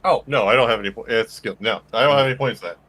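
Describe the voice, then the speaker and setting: A man's voice: medium pitch, rapid-fire, a bit bright. Hesitant man playing a tabletop game. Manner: hesitant, full of ums and uhs. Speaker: player.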